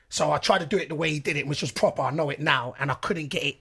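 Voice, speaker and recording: A man, a guest footballer telling animated stories on a podcast and acting out what others said. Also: fairly high pitch, racing, gravelly, few pauses, husky. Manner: animated storyteller, acts out quotes, laughs easily. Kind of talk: casual podcast storytelling.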